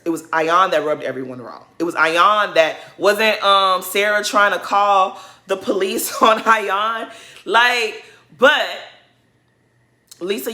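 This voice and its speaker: A woman's voice: medium pitch, bright, forceful tone. A woman giving casual, emphatic commentary in a recap vlog, speaking with a sassy, opinionated manner. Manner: sassy, emphatic, mocks others in put-on voices. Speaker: reality TV recap vlogger.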